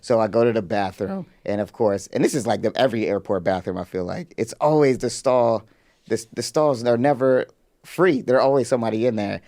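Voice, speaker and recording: A man's voice: mid-range voice, a little fast, a little mellow. A man co-hosting a podcast, chatting casually. He tells long stories, laughs a lot and acts out other people's voices. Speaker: podcast co-host. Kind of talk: casual chat.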